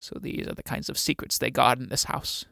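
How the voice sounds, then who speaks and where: A man playing a scheming old man on crutches, speaking in a low, menacing and commanding way. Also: fairly even intonation, brisk, vocal fry, sharp tone, dry recording, studio quality. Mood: hushed.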